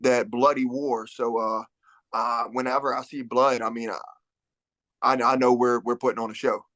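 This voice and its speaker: A man in his thirties, a fighter guest on a podcast, telling stories in a relaxed way with many fillers and restarts. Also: medium pitch, normal speed, no room sound. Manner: laid-back storyteller, many fillers and restarts. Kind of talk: casual podcast interview.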